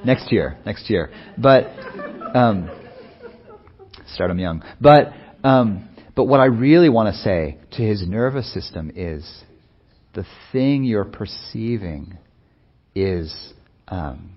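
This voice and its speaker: A man speaking as a meditation teacher in a soft-spoken, unhurried, musing way, with many pauses. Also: on the low side, expressive, highs cut off. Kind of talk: reflective dharma talk.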